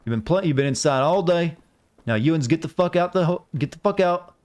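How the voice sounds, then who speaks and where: A worn-out, grumpy grown-up, as a streamer puts him on, pitched noticeably higher than a normal speaking voice and cursing in exasperation. He rattles off his complaints at a quick clip and sounds plainly fed up with everyone around him. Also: animated, a little mellow, close to an everyday voice. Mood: exasperated. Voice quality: raised pitch, swearing, exasperated. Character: worn-out grumpy adult wanting a drink.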